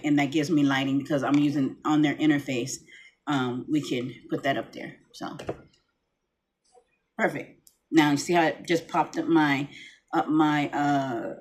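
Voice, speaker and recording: A middle-aged woman talking casually to her camera at home, rambling with many restarts. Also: sits low. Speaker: vlogger. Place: home room, lights dimmed.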